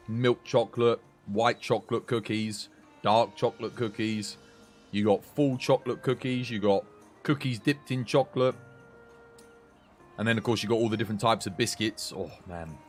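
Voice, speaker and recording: Chatty British man streaming. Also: on the low side. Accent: British English. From United Kingdom. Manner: chatty, rambling, reads out and answers chat. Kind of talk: casual live-stream chat with viewers.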